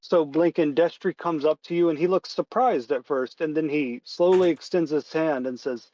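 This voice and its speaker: A man narrating a tabletop game as game master, in a relaxed way with lots of fillers. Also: fairly high pitch, moderate pace, few pauses, dull audio, a little hiss or hum.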